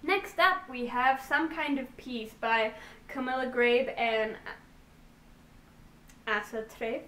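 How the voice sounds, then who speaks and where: A young woman with a fairly high voice chats in a bubbly, gushing way, rambling through fillers and restarts. She sounds a little distant from the mic, in an echoey room with a faint hiss behind her. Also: takes it slowly, sharp tone. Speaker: book vlogger. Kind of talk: casual book haul chat.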